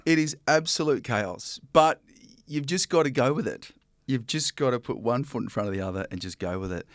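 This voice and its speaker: A man's voice: mid-range voice, animated, fairly quick, dry recording, studio quality. An Australian man, a broadcaster, chatting in an interview with frequent ums and restarts. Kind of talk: casual interview chat.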